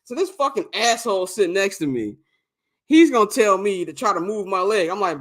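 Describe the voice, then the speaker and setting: A young man with a high, bright and forceful voice spins a rowdy, profane story on a casual podcast. He talks in an animated way and keeps laughing between the lines. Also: brisk. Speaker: podcast co-host.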